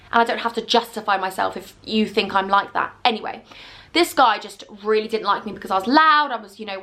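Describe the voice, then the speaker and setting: A woman's voice: mid-range voice, a bit bright. A woman in her twenties telling a rambling, chatty storytime vlog with many asides. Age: 20s. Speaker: vlogger.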